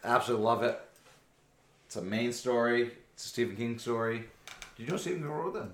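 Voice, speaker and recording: A man's voice: mid-range voice, expressive, fairly quick. A man co-hosting a podcast, chatting casually with lots of fillers and swearing. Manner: laid-back, swears, many fillers. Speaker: podcast co-host. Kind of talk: casual chat. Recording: echoey room, faint noise.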